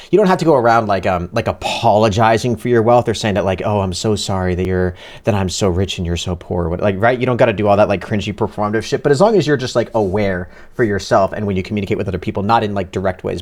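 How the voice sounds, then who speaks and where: Male streamer, lowish voice, loose profane commentary. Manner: rambling, profane, thinks aloud. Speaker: streamer reacting to videos. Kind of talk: casual reaction commentary.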